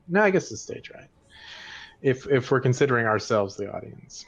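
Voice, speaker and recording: A man narrating as dungeon master in a relaxed, hesitant, joking way. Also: medium pitch, normal speed. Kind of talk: narrating a tabletop game. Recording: dull lo-fi stream audio.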